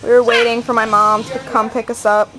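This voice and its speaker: A woman's voice: a little high, flat delivery, a little fast, rough recording. A teenage girl holding the camera, chatting playfully and rambling through stories with her friends. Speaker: camera holder and host. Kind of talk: casual home video chat with friends. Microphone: handheld video camera. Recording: music clearly audible behind.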